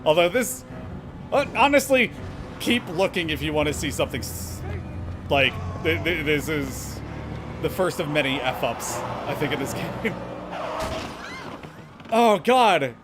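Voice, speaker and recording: A man's voice: fairly high pitch, very animated, measured pace, pauses often, over music. A man doing critical live gameplay commentary, sarcastic and swearing, with frequent laughs. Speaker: game streamer.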